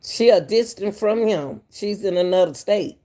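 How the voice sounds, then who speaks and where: A woman's voice: medium pitch, unhurried, warm tone. A woman hosting casual commentary on a case. She asks rhetorical questions and thinks aloud. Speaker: commentator host.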